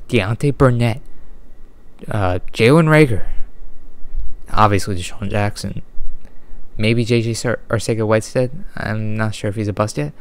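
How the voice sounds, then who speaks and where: A man delivering an unedited, exasperated sports rant with frequent sighs, deliberately holding his volume down. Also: lowish voice, smooth. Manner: exasperated, sighing, ranting. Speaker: sports fan vlogger.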